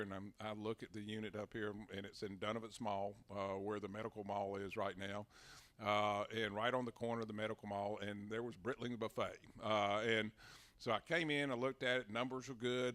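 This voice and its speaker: A man's voice: on the low side, a bit bright. An older man, a guest at a live talk, telling folksy anecdotes with plenty of fillers and restarts. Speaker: interview guest, city mayor. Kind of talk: relaxed storytelling at a live talk.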